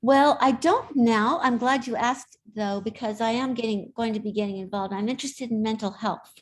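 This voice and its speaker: A woman's voice: fairly high pitch, normal speed. A middle-aged woman speaking as an interview guest, chatty and telling stories with frequent laughs. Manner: chatty, storytelling, laughs often. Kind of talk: casual interview talk.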